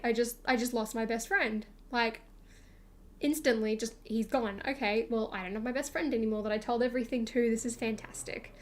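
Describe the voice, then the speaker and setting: A young woman streamer rambling through a casual storytime chat, full of fillers and acted-out quotes of herself. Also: fairly high pitch.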